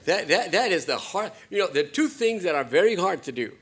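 A man preaching a sermon to his congregation, animated, joking with them and rising to loud, emphatic peaks. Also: high voice, fairly quick. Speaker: pastor.

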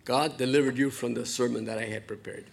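A middle-aged man preaching a sermon in a church, conversational and warm to the congregation, often repeating words and dropping in short Spanish phrases. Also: medium pitch, steady tone, brisk, gravelly, a little hiss or hum. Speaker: pastor.

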